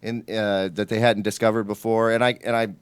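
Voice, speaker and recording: A man's voice: on the low side, level tone, a little fast, clear, resonant tone, no echo. A man in his thirties on a tech show panel, chatting casually and rambling with lots of "you know"s. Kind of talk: casual round-table chat.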